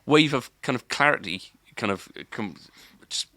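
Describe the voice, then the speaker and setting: A man's voice: mid-range voice, expressive, moderate pace, sharp tone, no room sound. A man, a podcast co-host, telling a long story in casual chat, rambling with restarts and filler words.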